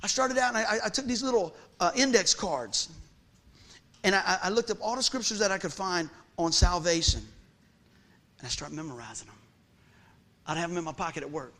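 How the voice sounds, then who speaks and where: A man preaching a lively sermon, calling out questions to the congregation and repeating his key phrases. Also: sits high, a little fast, pauses often.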